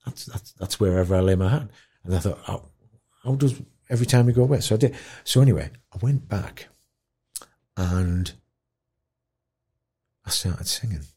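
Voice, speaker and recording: Low dark husky man, animated storyteller. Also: normal speed, pauses often. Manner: animated, emotional storyteller, drops to a hush at tender moments. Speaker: guest musician in care.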